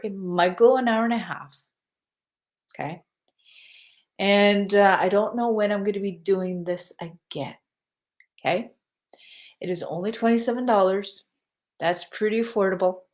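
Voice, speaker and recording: Chatty woman psychic on a livestream. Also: mid-range voice. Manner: chatty, repeats reminders with "okay?". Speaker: psychic medium hosting a livestream. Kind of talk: casual livestream promotion.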